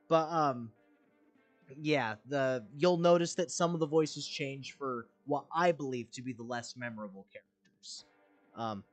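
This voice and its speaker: A young man chatting through a game stream in a rambling, candid way, full of fillers. His voice sits slightly high, and soft music plays faintly behind him. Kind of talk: casual gameplay commentary.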